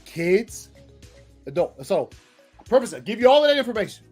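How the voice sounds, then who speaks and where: A man telling a story casually, animated and profane, acting out what people said. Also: high-pitched, normal speed, breathy edge, faint music behind. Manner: animated, profane, acts out quotes. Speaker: podcast host.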